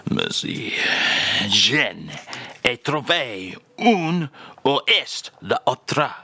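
A man voicing a suave, lecherous Frenchman with an exaggerated fake French accent, speaking slowly and low. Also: sing-song, sharp tone, husky, no echo, exaggerated voice. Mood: languid. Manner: slow, low, languid and smug. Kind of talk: comedy radio sketch.

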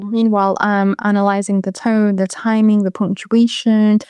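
A woman's voice: medium pitch, little pitch movement, a little slow, hardly any pauses, dark tone, smooth, no echo. A 22-year-old woman with a British accent, hosting a casual advice show and chatting frankly to listeners with rambling asides. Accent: British English.

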